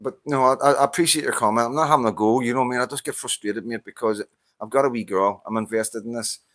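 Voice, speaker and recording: A man's voice: medium pitch, fast talker, fairly bright tone, dry recording. Heated Northern Irish man, dry close sound. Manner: agitated, swears often, stammering restarts. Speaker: vlogger answering a viewer's comment. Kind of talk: heated casual monologue.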